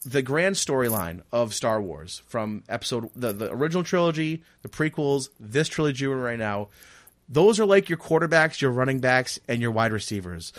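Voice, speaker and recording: A man co-hosting a podcast in casual chat, animated and argumentative, teasing his friends and often restarting his sentences. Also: mid-range voice, normal speed, no room sound. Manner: rambling with many restarts. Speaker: podcast co-host.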